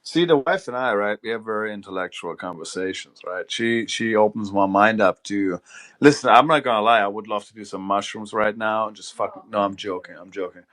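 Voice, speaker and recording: A man's voice: lowish voice, fairly quick, fairly bright tone. Joking, profane male stream host. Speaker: livestream host. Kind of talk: casual call-in stream chat.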